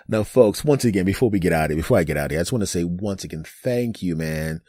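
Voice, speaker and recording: A man with a low, mellow voice hosts a solo podcast in a loose, rambling way and teases his listeners with crude nicknames. The sound is dry and close, with faint music in the background. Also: animated, moderate pace, no echo. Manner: rambling and jokey, calls listeners bastards. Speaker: podcast host. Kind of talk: casual solo podcast monologue.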